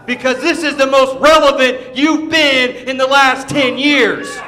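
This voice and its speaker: A man cutting a wrestling promo as a heel wrestler, taunting and shouting his rant in an arena. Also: very high-pitched.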